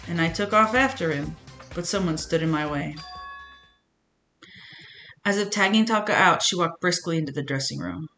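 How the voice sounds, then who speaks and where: Young female streamer, let's-play reading, expressive reactions, light music bed. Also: low-pitched, normal speed. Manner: playful, emotional reactions. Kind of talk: game let's-play, reading dialogue aloud.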